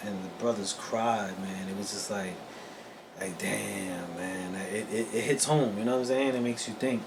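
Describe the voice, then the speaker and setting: A man co-hosting a podcast in casual chat, speaking in a halting, reflective way with many repeated words. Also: fairly low pitch. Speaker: podcast co-host. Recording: audible background noise.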